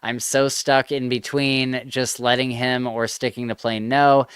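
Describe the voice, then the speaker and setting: A man co-hosting a casual podcast chat, reacting with quick comments and reading out online posts. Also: mid-range voice, little pitch movement, fairly bright tone, clear, resonant tone, no echo. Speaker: podcast co-host.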